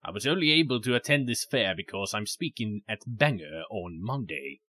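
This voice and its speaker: A man's voice: fairly low pitch, animated, moderate pace, pushed and bright. A man voicing a genial, old-fashioned male professor, jovial and a bit posh, reading game dialogue aloud.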